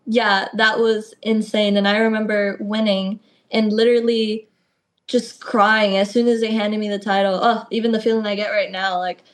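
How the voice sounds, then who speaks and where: Young female wrestler guest, video call interview, animated storyteller. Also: medium pitch. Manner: lively storytelling, acts out quotes. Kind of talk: casual interview.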